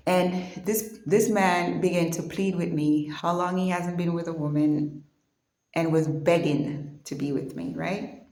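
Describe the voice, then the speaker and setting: A woman telling a personal story in an earnest, conversational way, pausing and restarting as she goes. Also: on the low side, steady tone, a little mellow, echoey room. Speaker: vlogger.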